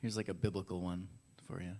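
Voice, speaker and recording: A man's voice: deep voice, little pitch movement, fast talker, a little mellow. A man preaching a casual, playful sermon in a church, talking straight to the congregation. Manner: playful, chatty, addresses the congregation directly. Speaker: pastor. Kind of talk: casual sermon with audience games. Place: church hall.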